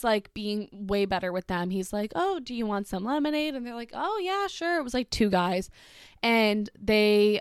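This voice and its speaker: A woman's voice: medium pitch, clear, resonant tone, no room sound, clean studio sound. A woman casually telling a personal story, filling every sentence with "like" and swearing freely. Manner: chatty, heavy filler "like", swears, animated retelling.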